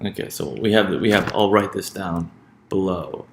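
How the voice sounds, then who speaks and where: A man's voice: sits low, normal speed, creaky, reverberant. A man teaching a lesson on word stress, hesitant, often repeating words and checking in with "right?".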